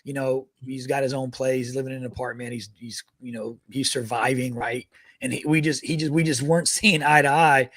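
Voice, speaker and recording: A man in his thirties who served in the army tells casual stories on a podcast he co-hosts, cursing and laughing throughout. He speaks a little fast in a mid-range voice, with no room sound.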